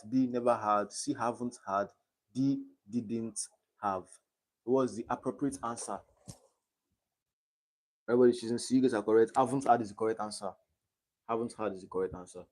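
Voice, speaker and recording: A man's voice: medium pitch, darkish tone. Young man tutoring on a live stream. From Nigeria. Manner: reads quiz options aloud and checks understanding.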